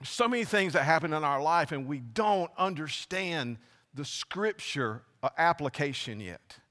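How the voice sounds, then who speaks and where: A man preaching a sermon, telling a scripture story with halting restarts and acting out the voices. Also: fairly high pitch, expressive, bright, forceful tone, in a large hall. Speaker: pastor. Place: church.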